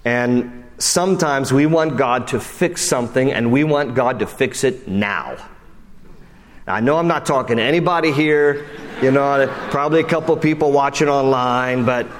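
A man preaching a sermon in a casual, conversational way, climbing high and emphatic, then dropping low and hushed. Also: moderate pace, in a large hall. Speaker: pastor. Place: church sanctuary.

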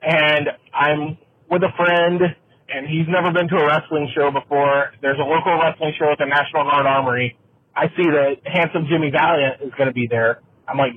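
A man's voice: fairly high pitch, fairly even intonation, normal speed, breathy edge. A man from Mississippi, telling an anecdote as a caller and acting out the quotes in it. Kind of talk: storytelling anecdote. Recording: tinny phone line with faint noise.

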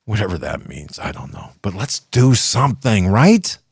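An older talk show host delivers heated, opinionated commentary in a very deep, slightly rough voice with vocal fry, his pitch leaping wildly from low mutters to high shouts. He is very animated at a moderate pace, and the sound is dry and close with no room echo.

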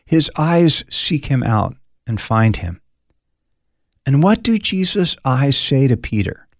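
A pastor teaching through a Bible passage in a conversational, expressive way, acting out the quoted lines with folksy asides. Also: male voice, medium pitch, takes it slowly, no room sound, studio quality.

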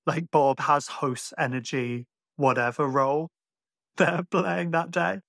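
A man's voice: fairly high pitch, steady tone, slow pace, gravelly, fairly bright tone, no room sound, studio quality. A man from Ireland with a mixed Irish accent, hosting a podcast and chatting casually with lots of fillers. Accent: Irish, mixed and hard to place. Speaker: podcast host. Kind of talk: casual chat.

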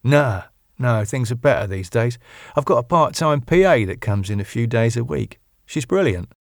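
A man reading an audiobook, voicing a relaxed, chatty Englishman in his own voice. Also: medium pitch, moderate pace, no echo, studio quality, lightly acted. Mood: easy. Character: easygoing warm English man.

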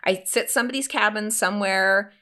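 A woman in her thirties telling a story on a casual podcast in an animated way, full of "like" and acted-out quotes. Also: mid-range voice, fairly quick. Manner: animated, lots of "like", acts out quotes. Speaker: podcast co-host.

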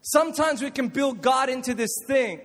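A man preaching a jokey, energetic youth sermon to a live audience in a church hall, calling on listeners to respond. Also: very high voice, moderate pace. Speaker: youth pastor. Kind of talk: youth sermon with jokes and stories.

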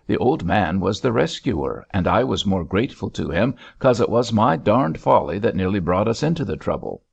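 Guy reading as a wry old ship captain, drawly and gravelly, kinda muffled lo-fi sound. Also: on the low side, very animated, moderate pace, a little mellow, full character voice. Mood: reminiscing. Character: gruff older male sea captain, dry humor.

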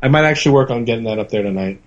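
A man's voice: mid-range voice, very fast, muffled recording. A man guesting on a casual comedy podcast, wry and laughing along.

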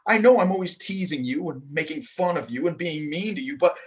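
A man voicing an excitable young girl in a storybook read-aloud, squealing and breathless. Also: fairly high pitch, a little fast, close to an everyday voice. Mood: gushing.

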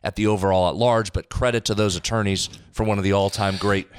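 A man's voice: on the low side, fairly even intonation, fast talker, clean tone. A man co-hosting a sports podcast in casual chat, sardonic and fond of repeating a word for comic effect. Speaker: podcast co-host.

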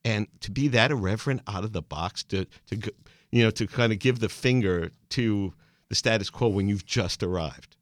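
A man's voice: lowish voice, moderate pace, no echo, clean studio sound. Chatty, enthusiastic male host. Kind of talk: casual chat.

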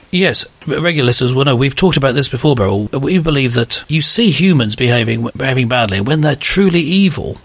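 Guy hosting a talk show, gravelly husky voice, earnest, keeps asking his co-host questions. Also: mid-range voice, fairly bright tone, no room sound. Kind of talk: conversational talk show discussion.

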